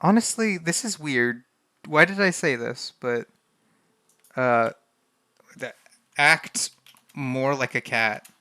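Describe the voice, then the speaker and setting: A young man streams a text adventure game, reading the game text aloud in casual live-stream commentary. His mid-range voice is slow with frequent pauses and a sharp tone, recorded dry. He comes across flustered and laughs often.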